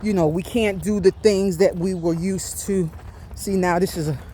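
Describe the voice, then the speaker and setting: A woman's voice: lowish voice, fairly even intonation, moderate pace, mellow, slight background noise. A woman in her fifties telling a personal story while walking outdoors, slightly out of breath and confiding, often checking in with "right?". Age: 50s. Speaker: vlogger. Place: outdoors on a walk.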